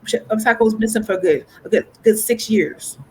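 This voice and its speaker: A woman guest in a casual interview, earnestly telling a personal story with deep faith and often restarting her phrases. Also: brisk, warm tone, slight background noise, rough recording. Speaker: guest author.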